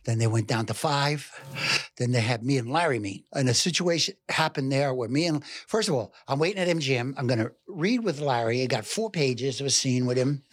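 An older man with a New York accent, telling an animated story in an interview and acting out scenes and voices. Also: medium pitch, brisk, no room sound. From New York City. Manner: lively storyteller who acts out voices and scenes. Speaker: actor telling stories.

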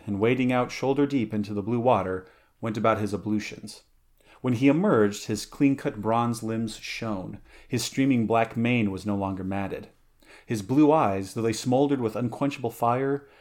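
A man reading a story aloud in a steady manner, now and then correcting small slips. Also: mid-range voice, moderate pace. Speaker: reader. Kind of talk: audiobook reading, amateur.

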